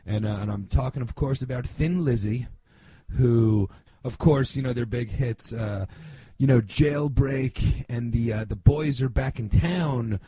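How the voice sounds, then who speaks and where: A man's voice: mid-range voice, a little slow, dark tone, husky, no echo. A middle-aged man from New Jersey hosting a podcast, talking in a casual, rambling monologue full of fillers, blunt and sometimes swearing. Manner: rambling, many fillers and restarts. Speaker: podcast host.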